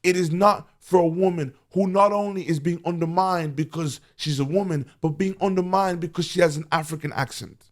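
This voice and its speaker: A man's voice: fairly high pitch, a little fast. A man vlogging earnest, impassioned commentary to camera, preaching and repeating phrases for emphasis.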